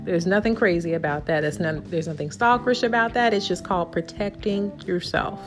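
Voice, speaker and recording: A woman vlogging from home, telling a personal story in an animated, indignant way. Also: lowish voice, a little fast, faint music behind.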